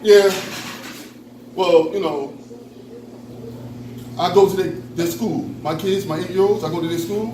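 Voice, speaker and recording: A man's voice: high voice, unhurried, pauses often, mellow. Man doing a stand-up set, playful and loose, mic far off, lots of noise around. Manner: playful, loose, slips into character voices. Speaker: stand-up comedian. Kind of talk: stand-up routine. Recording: roomy, from far off, noisy.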